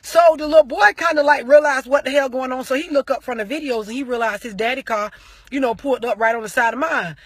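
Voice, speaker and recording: A woman vlogger telling a story as an animated rant, full of slang and heavy profanity. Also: high voice, fast talker, husky, no room sound, studio quality.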